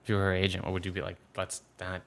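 A man's voice: sits low, monotone, racing. A man from the Philadelphia area chatting casually about a film as a podcast co-host, rambling with frequent restarts. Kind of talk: casual movie discussion.

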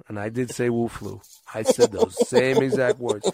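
A man's voice: medium pitch, fairly even intonation, a little fast, few pauses, dry recording. Profane rambling male storyteller, dry mic. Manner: rambling, profane, acts out quotes.

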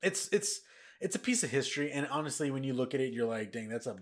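Animated and fast-talking, with a mid-range voice, a man hosts a casual news podcast. He rambles with lots of restarts and repeats, and he sounds tired, yawning along the way.

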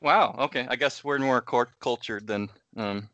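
A man's voice: medium pitch, normal speed, fairly bright tone, no echo, lo-fi sound. A man co-hosting a casual podcast chat, rambling, trailing off and laughing often. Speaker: podcast co-host.

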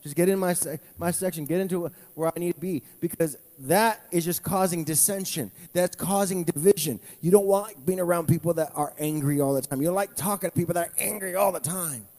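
A man preaching a sermon, animated, with playful asides to the congregation. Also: high voice, a little fast, hardly any pauses, long reverb tail. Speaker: pastor.

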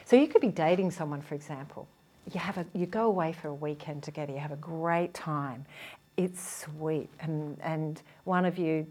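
A woman's voice: low-pitched, normal speed. A woman who works as a relationship therapist, talking casually to an audience and acting out what partners say to each other. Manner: animated, acts out quoted partners, laughs often.

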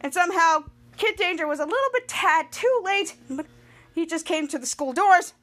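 A woman with a high voice casually recaps a TV episode on her podcast. She retells the scenes in long chains of "and then," and often breaks off to restart a sentence. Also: expressive, normal speed, fairly bright tone. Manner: retells scenes with frequent restarts and quoted lines. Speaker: podcast host.

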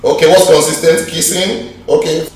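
Animated man teaching in an echoey hall. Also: on the high side, moderate pace, recorded from a distance. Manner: animated, emphatic, teasing questions. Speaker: Bible study teacher. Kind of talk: interactive Bible class teaching. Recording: very echoey hall, mic from afar.

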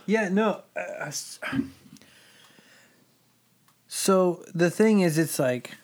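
A man's voice: high-pitched, slow pace, darkish tone. A man co-hosting a casual podcast chat, dropping wry, sarcastic asides between explanations. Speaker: podcast co-host.

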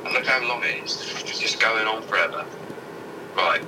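A man reads news headlines aloud during casual banter, swearing freely and tripping over the harder words. He sits well back from the microphone, and loud background noise runs under everything he says. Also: fairly low pitch, moderate pace, distant mic. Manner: irreverent, sweary, stumbles while reading aloud. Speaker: co-host reading out news headlines.

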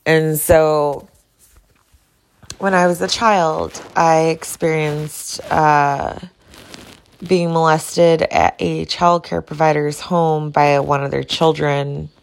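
A woman's voice: low voice, flat delivery, takes it slowly, vocal fry. A woman talking bluntly and outspokenly in a casual personal monologue, swearing freely. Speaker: vlogger.

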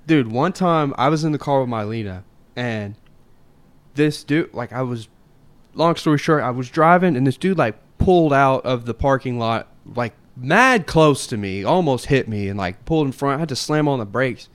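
A man's voice: medium pitch, animated, normal speed, clear, resonant tone. A young adult man hosting a podcast in casual chat, loose and slangy, calling everyone dude and bro. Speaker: podcast host.

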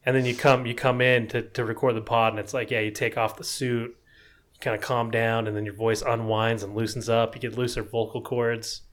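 Young guy cohost, teasing, rambly, normal pitch voice, lots of likes. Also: little pitch movement, brisk. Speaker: podcast co-host. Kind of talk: casual chat.

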